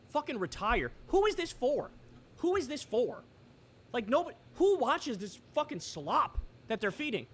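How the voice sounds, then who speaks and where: A man from New York ranting in a reaction stream, swearing and mocking, his voice pitched fairly high. He talks heatedly and sarcastically. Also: a bit bright. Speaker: political commentary streamer. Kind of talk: reaction commentary.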